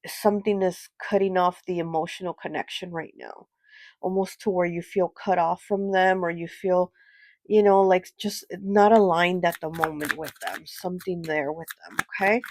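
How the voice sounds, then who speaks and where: A woman giving a pick-a-card tarot reading, sounding nasal and congested from a cold, with a gentle, reassuring manner full of fillers and check-ins. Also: fairly low pitch, steady tone, moderate pace, no room sound. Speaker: tarot reader.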